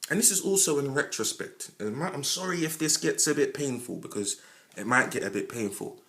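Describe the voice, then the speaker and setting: A man with a London accent, giving a passionate monologue as a podcast host, speaking straight to the listener with plenty of slang and sudden loud bursts. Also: fairly quick. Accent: London English. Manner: animated, switches between loud outbursts and low asides; heavy London slang, addresses listener directly. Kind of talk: impassioned monologue.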